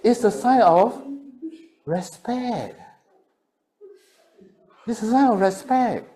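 A middle-aged man with a Singaporean English accent, preaching to seminary students in a lively, chatty way and often repeating his words. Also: sits high, slow. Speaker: pastor.

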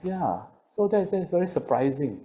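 A middle-aged man with a Singaporean English accent, preaching to seminary students in a lively, chatty way and often repeating his words. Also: sits high, moderate pace, muffled recording. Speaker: pastor.

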